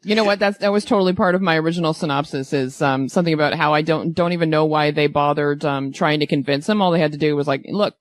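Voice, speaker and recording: A woman co-hosting a casual movie podcast, animated and quick to jump higher when she disagrees. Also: no room sound. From Canada. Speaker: podcast co-host.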